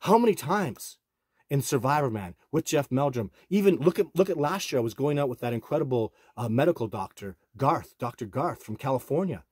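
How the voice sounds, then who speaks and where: A man's voice: mid-range voice, animated, fairly quick, a little mellow, slightly rough, no echo, studio quality. A middle-aged man talking to his viewers in an emphatic, rambling, self-assured monologue. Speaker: bigfoot researcher and channel host.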